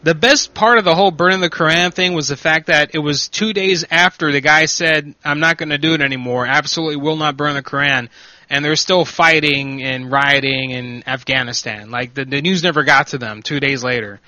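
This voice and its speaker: A man's voice: fairly high pitch, a little fast, sharp tone, no room sound, highs cut off. A man hosting an internet radio prank-call show, joking and irreverent.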